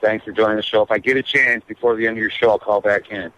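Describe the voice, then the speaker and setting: A man's voice: fairly low pitch, steady tone, quick pace, fairly bright tone, lo-fi sound, slight background noise. A man hosting a talk radio show by phone, rambling and self-deprecating in casual chat. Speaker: regular host calling in from the protest.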